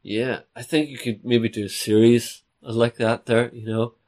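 A man's voice: medium pitch, level tone, a little slow, a little mellow. A man hosting his own podcast, chatting and joking in a rambling monologue. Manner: chatty, self-interrupting, jokey. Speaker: podcast host.

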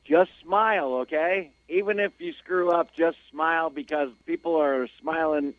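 A man's voice: a little high, fairly even intonation, normal speed, dry recording. Wisecracking New radio man, dull feed. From Brooklyn, New York. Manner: wisecracking, playful. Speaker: radio host at sister station. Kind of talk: casual radio banter.

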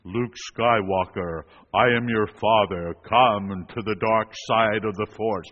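A man imitating a deep, menacing male space villain, speaking slowly. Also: steady tone. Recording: echoey hall, dull lo-fi sound.

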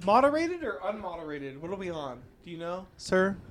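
A woman co-hosting a podcast, excitable and joking in casual chat. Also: fairly low pitch, fairly quick. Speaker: podcast co-host.

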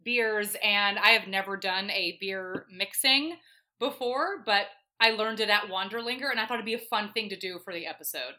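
Bright-voiced Southern woman, chatty. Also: medium pitch, moderate pace. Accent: light Southern US. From Atlanta, Georgia. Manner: enthusiastic, chatty. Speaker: guest, brewery events coordinator. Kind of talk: casual podcast chat. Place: home, remote call.

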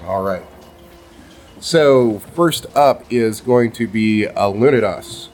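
A man narrating a tabletop game as game master, halting, with many ums and uhs. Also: fairly low pitch, darkish tone, slight background noise.

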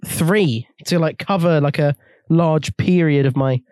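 A young man, co-hosting a podcast in crude, casual banter, laughing often and swinging between loud bursts and low mutters. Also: unhurried, dry recording, clean studio sound. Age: young adult. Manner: animated, jumps between shouting and low mumbling, laughs often. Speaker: podcast co-host.

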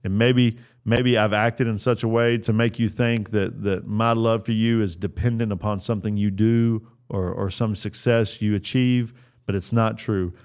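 A man's voice: on the low side, fairly even intonation, moderate pace, darkish tone, smooth. A middle-aged man giving an earnest, sermon-style talk on fatherhood, repeating his phrases for emphasis. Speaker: speaker on fatherhood.

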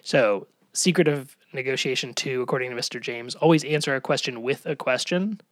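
A man's voice: medium pitch, a little fast, no room sound. Wry man recapping a sitcom. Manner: analytical, wry, hedging. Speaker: podcast co-host. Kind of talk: casual episode recap chat.

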